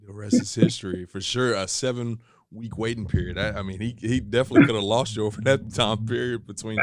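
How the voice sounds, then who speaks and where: A man's voice: lowish voice, steady tone, brisk, heavy background noise. A man hosting a podcast interview, asking long questions with many fillers and admiring his guest. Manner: fills with um and you know, admiring. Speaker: podcast host.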